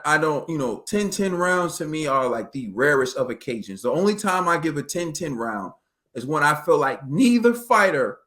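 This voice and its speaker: A man in casual sports talk, breaking down a boxing match in a loose, slangy manner. His voice sits a little higher than most men's. He throws in quick acted quotes as he goes. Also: fairly bright tone. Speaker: boxing show co-host.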